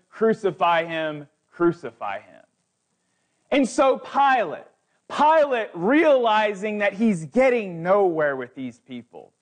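A man preaching as a guest speaker, building emphatic, repetitive lists. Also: sits high. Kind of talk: sermon.

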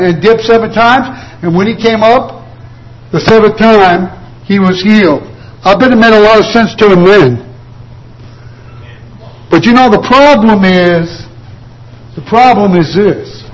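A male preacher with a notably high-pitched voice delivers a sermon. He drives his points home with repeated phrases and rhetorical questions, quoting scripture along the way. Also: poor audio.

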